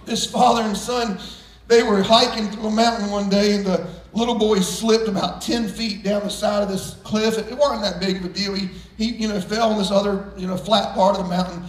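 In a church sanctuary full of worshippers, a very high-voiced male pastor gives an emphatic, folksy sermon packed with jokes and down-home stories, speaking at normal speed with fairly even intonation. The audio is roomy and echoey, his voice distant from the microphone.

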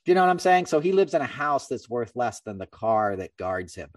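A middle-aged man hosting a podcast, telling a story in a casual, animated way and acting out other people's lines. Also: mid-range voice, brisk, no echo, recorded from a distance. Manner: animated, acts out quoted voices. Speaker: podcast host.

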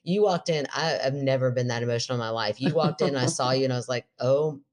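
Middle-aged woman, podcast co-host, very deep voice, lively storyteller. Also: fast talker. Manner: animated storyteller, laughs often, quotes herself in a raised voice. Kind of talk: casual chat, storytelling.

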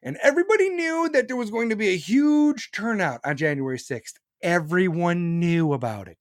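Male podcast host, profane political ranter, angry and mocking, slightly high voice, dry close mic. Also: sing-song, normal speed, no echo. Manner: angry, crude, swings into mocking laughter.

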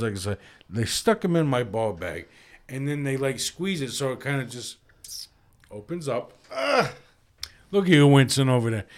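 A man co-hosting a casual comedy podcast, telling a crude story with lots of swearing and animated bursts. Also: medium pitch. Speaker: podcast co-host.

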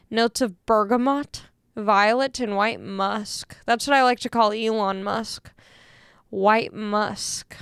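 A woman's voice: on the high side, clear, resonant tone, dry recording, studio quality. A young woman hosting a casual talk show, chatty and self-mocking, rambling through a sponsor read. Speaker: podcast host reading an ad.

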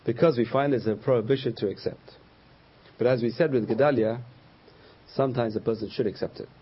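A man's voice: mid-range voice, brisk, husky, dull audio. A man teaching a Torah class as a rabbi, telling stories and acting out the voices of the people in them. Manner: storytelling, acts out quoted voices.

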